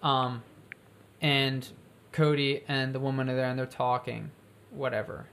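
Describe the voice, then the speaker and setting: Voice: medium pitch, measured pace, slight background noise. Co-host type, loose and rambling, mid-range voice, acts out quotes while brainstorming. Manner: rambling, animated storytelling with acted-out quotes. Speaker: co-host pitching a story. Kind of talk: casual brainstorming chat.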